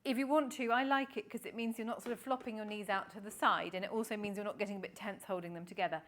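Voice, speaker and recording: A woman Pilates instructor leading an exercise class with calm, encouraging cues and counting. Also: medium pitch, quick pace.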